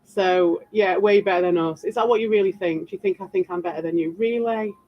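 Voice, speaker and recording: A British woman livestreamer answers her chat in a casual stream, sounding defensive and rambling with sarcastic asides. Her medium-pitched voice is fairly quick, and the dull lo-fi recording carries a little hiss or hum.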